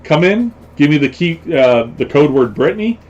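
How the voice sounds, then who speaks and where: A man's voice: on the high side, big pitch swings, moderate pace, a little mellow, highs cut off. A man hosting a casual live stream, rambling along with lots of fillers and repeated phrases. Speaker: host.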